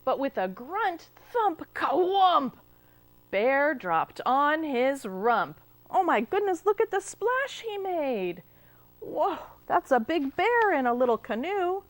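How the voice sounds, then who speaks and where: In a cable TV studio, a female librarian with a high voice reads a picture book aloud to children at a slow pace. She reads expressively, gasping and posing questions to her young listeners, and there's no room sound.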